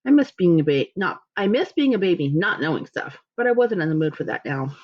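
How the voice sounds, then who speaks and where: A woman's voice: lowish voice, very animated, brisk. Woman reading a storybook aloud, lo-fi. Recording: dull lo-fi recording.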